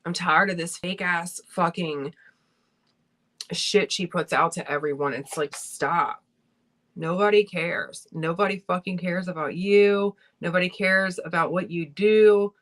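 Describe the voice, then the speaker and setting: A young woman chats on a livestream while doing her makeup, her voice sitting a little low. She talks bluntly and heatedly, ranting with frequent swearing. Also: unhurried. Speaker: beauty vlogger hosting a livestream.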